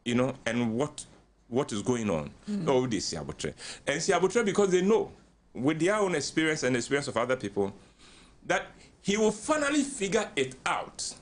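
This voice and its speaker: Animated older Ghanaian man, lively pitch. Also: normal speed. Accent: Ghanaian English. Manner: animated storyteller acting out quoted voices, chuckling often. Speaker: radio guest speaker. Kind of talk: relaxed counselling talk on a radio show.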